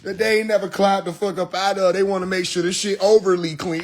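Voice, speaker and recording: A man ranting comically on a phone live stream, profane and mocking, often breaking into shouted lines and laughter. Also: sits high, level tone, fairly quick. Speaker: livestream host. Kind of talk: comedic rant on a live stream.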